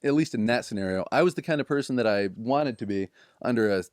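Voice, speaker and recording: A man's voice: medium pitch, lively intonation, fast talker, a little mellow, clean tone, no room sound, studio quality. A man casually telling a long story on a podcast, swearing freely and acting out what others said. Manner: profane, acts out quoted people.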